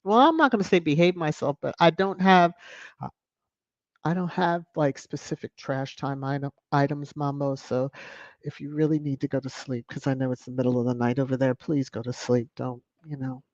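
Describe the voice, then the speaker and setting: With a rumbling low voice and fairly even intonation, this livestream host speaks at normal speed. She's a woman from the United States, chatty and opinionated as she reads viewer comments, and her dull lo-fi home stream audio carries no room sound.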